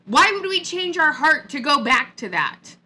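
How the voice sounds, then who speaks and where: A woman's voice: sits high, big pitch swings, unhurried, pushed and bright. A woman vlogger giving a sarcastic, mocking rant in a hot upstairs room. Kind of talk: ranting commentary vlog.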